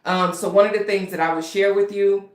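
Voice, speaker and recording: A woman's voice: mid-range voice, steady tone, brisk, roomy sound. A woman hosting her author channel, chatting casually and a bit nervously to viewers. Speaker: author and writing coach, channel host. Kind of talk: casual livestream talk to viewers.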